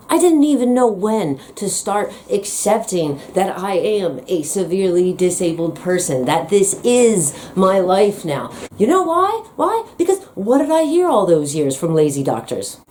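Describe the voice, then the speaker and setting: A woman's voice: on the low side, dark tone. A woman vlogger delivering an angry personal rant, blunt and profane with sarcastic asides.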